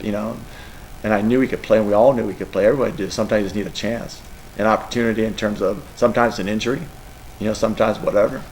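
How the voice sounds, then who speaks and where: Gravelly lowish voice, middle-aged coach guy rambling and getting choked up, faint room hum behind. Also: fairly even intonation, racing, rough recording. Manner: emotional, rambling, tearful at times. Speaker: college football coach. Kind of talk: press conference answers.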